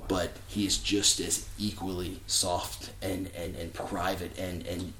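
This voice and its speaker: Speaking slowly in a deep, level voice with a fairly bright tone, a male preacher recounts a story in an informal sermon. There's reverb and slight background noise, and he rambles chattily through plenty of fillers and restarts.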